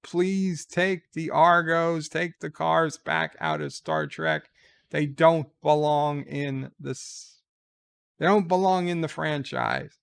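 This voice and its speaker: A man's voice: on the high side, lively intonation, slow pace, gravelly, smooth. A man giving casual reaction commentary on a trailer, sarcastic and exasperated as he gripes. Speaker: trailer reviewer.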